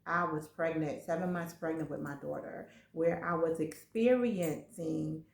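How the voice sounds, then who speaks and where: A woman guest shares her personal story in a casual faith talk, earnest and testimonial, speeding up when she gets excited. Her low voice keeps a measured pace with vocal fry. The room is echoey, and there's a little hiss or hum.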